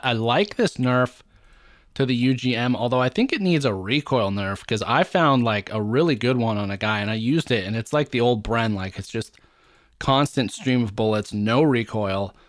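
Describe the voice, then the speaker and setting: A man co-hosting a gaming podcast, chatty and rambling as he runs through loadouts. His voice sits at a middle pitch. The recording is dry and close. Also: no echo. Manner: chatty, rambling, lists weapons at length. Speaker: podcast co-host. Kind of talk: casual gaming podcast chat.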